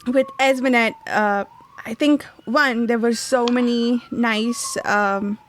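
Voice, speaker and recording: A woman's voice: a little high, fairly even intonation, takes it slowly. Chatty woman hosting a book podcast. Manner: chatty, laughs often, searches for words. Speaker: podcast host. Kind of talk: casual book discussion.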